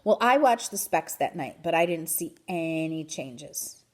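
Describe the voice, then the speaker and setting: A woman reading a children's book aloud in an expressive, animated way. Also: low-pitched, a little slow. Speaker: reader. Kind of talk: storybook read-aloud.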